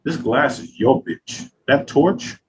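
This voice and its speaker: A man's voice: medium pitch, takes it slowly, a little hiss or hum, low-quality recording. A man in his thirties, a glass artist, talking casually and profanely in an interview, telling stories with lots of filler phrases. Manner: profane, loose, storytelling with acted quotes.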